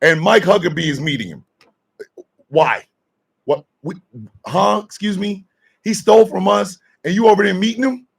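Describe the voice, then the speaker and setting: A man hosting a radio show, shouting and mocking in loud comedic commentary. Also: high voice, normal speed, creaky, long pauses, husky. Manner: shouting, mocking, excitable riffing.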